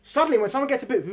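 A woman gives an animated religious talk and acts out the characters as she tells the story. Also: high-pitched, rough recording. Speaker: religious teacher.

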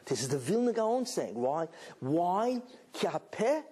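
A man delivers a sermon to a live audience, voice somewhat high and husky. He tells the story with animated energy and keeps checking in with rhetorical questions. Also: measured pace. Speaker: rabbi.

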